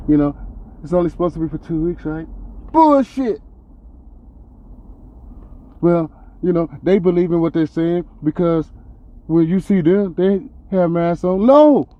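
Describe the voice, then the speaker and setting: A man hosting a podcast, delivering a profane, heated and sarcastic rant that swings between loud outbursts and low mutters. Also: lively intonation, unhurried, pauses often, lo-fi sound. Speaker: podcast host. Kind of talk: ranting commentary monologue.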